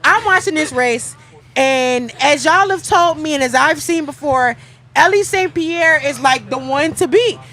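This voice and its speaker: Brief: high-voiced woman track commentator, animated, dramatic storyteller. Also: measured pace. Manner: playful, dramatic, acts out quotes. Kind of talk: animated casual race recap. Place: outdoors at a stadium.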